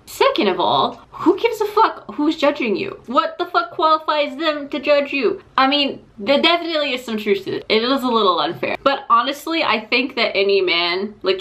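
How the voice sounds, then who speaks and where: A woman's voice: sits high, fairly bright tone. Blunt, profane woman reacting on camera. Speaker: video host. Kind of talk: reaction commentary.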